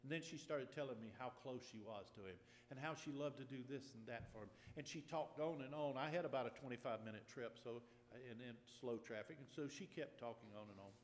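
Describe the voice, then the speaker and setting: Pastor, male, mid-pitched, earnest storytelling sermon, big hall reverb. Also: slight background noise. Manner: earnest, deliberate preaching with repetition. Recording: long reverb of a large hall.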